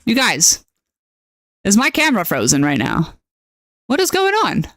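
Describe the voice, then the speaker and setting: Woman game streamer, nasal, lively pitch swings, joking and fed up with her gear, dry close sound. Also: unhurried, dry recording. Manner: animated, self-deprecating, exasperated at tech trouble. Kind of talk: casual live-stream chat while gaming.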